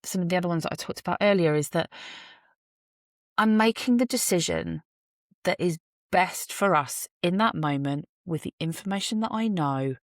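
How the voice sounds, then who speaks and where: An expressive woman with a fairly low voice speaks at normal speed in a solo podcast episode she records on a phone in a parked car. She reflects earnestly, musing aloud and making self-deprecating asides, in clean studio sound with no echo.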